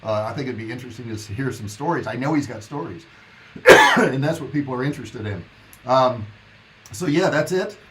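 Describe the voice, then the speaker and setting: A man of ordinary pitch hosts a live stream and chats loosely with his viewers. His talk rambles in a friendly, unscripted way. A faint noise sits under the voice. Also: lively intonation, a little fast. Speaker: livestream host. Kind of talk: casual live-stream chat.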